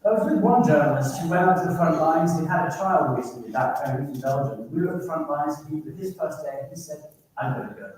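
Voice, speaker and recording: A man tells vivid stories to a summit audience, his voice a touch high for a man. He laughs his way through the anecdotes. The sound carries through a very echoey hall from a mic set well back. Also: expressive, fairly quick, few pauses, darkish tone, far from the mic, a little hiss or hum. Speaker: keynote speaker, war correspondent. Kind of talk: storytelling talk to an audience. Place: conference room at a business summit.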